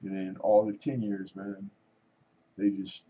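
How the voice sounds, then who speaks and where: Heavy background noise surrounds a middle-aged host whose voice sits low and moves a little slowly. In this casual chat he tells meandering stories, voices the people he quotes, and laughs often.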